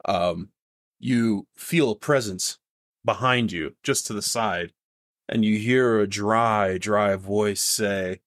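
A man narrating a tabletop game session as its game master, his voice sitting on the lower side. He talks casually, circling back and restarting as he describes the scene. The recording is dry and close. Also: slow pace, dry recording. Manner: casual, rambling with restarts and fillers.

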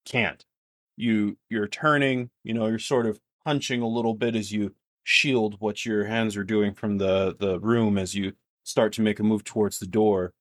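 A man's voice: lowish voice, dry recording, clean studio sound. A man running a tabletop game as game master, narrating casually with frequent restarts. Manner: casual, rambling with restarts and fillers.

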